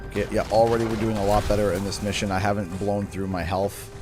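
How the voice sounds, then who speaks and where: Hoarse Canadian gaming streamer, lowish voice, excitable yelps, game music behind. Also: male voice, fast. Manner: excitable, yelps and shouts at the game, then talks low. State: hoarse, losing his voice. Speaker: gaming livestreamer. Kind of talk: live gameplay commentary.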